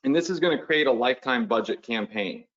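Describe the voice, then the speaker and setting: A man's voice: medium pitch, lively intonation, a little fast, fairly bright tone, lo-fi sound. A man hosting a live webinar as an online business coach, talking in a casual, pushy, motivational way and often checking in with the audience.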